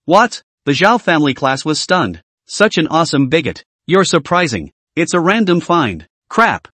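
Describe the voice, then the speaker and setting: Male recap narrator, animated delivery, dry close read. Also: fairly high pitch, moderate pace, no room sound. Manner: lively storytelling, reads every character himself. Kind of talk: scripted story recap narration.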